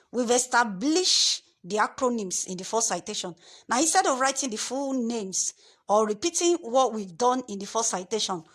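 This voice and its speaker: A woman tutor giving a screen-share lesson, repeating herself and stressing key words slowly. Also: mid-range voice, fairly bright tone.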